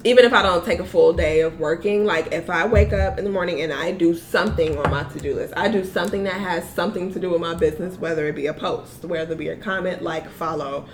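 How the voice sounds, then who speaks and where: Young woman guest, chatty, laughs a lot, slightly low voice. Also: fast, hardly any pauses, background noise. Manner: chatty, animated, laughs often, many "like" fillers. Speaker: guest, small business owner. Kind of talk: casual interview chat.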